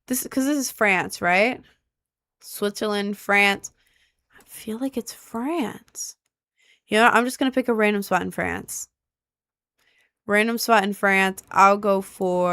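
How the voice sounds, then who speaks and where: A woman's voice: medium pitch, vocal fry, a bit bright, clean tone, no echo. A young woman streaming a map-guessing game, thinking aloud and asking her chat for help in casual gameplay commentary.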